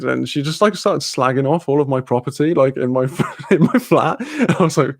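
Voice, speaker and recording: Young man, gravelly voice, dry close sound, rambling casual stream talk. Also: mid-range voice, moderate pace, hardly any pauses, dry recording. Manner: rambling storytelling, frequent swearing and fillers; reads out and answers chat comments. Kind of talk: casual live-stream chat.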